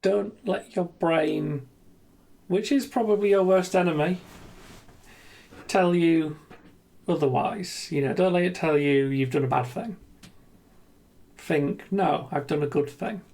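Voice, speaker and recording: Slow, rambling man with a high-set voice. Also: creaky, darkish tone. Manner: rambling, hesitant, with frequent ums and restarts; earnest and self-deprecating. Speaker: gaming video creator. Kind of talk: unscripted reflective monologue.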